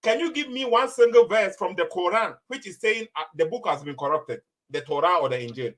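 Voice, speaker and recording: A man's voice: sits high, animated, brisk, a bit bright. A man in a heated religious debate, pressing his opponent and repeating his questions insistently.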